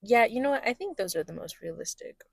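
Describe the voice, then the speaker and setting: A woman's voice: mid-range voice, expressive, quick pace, gravelly, slightly rough, dry recording, clean studio sound. A young woman co-hosting a podcast in casual, playful chat, laughing often and slipping into joking lines. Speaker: podcast co-host.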